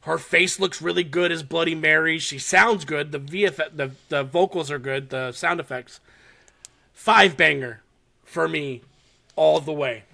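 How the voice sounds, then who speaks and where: A man co-hosts a podcast and relaxedly chats through a horror short, animated, profane, and laughing as he tells it. His voice is fairly high and gravelly, and he doesn't rush.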